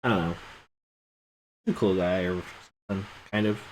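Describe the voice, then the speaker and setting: A man's voice: sits low, fairly even intonation, brisk, poor audio. A man casually commenting while he plays and voices a video game, with rambling, self-mocking asides. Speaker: streamer. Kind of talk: casual let's-play commentary and voice acting. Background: game music.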